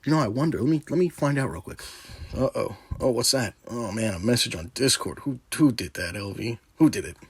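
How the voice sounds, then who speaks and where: A man's voice: mid-range voice, animated, fairly quick, breathy edge, no room sound. A man giving sarcastic, taunting commentary over a screen recording, swearing often. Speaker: gaming video creator.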